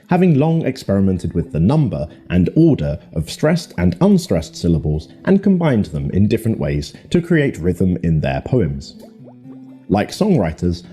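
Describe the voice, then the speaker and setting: Husky low-voiced man narrating a lesson. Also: mellow. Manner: measured, clear explanatory delivery. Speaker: narrator of an educational video. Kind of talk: scripted narration.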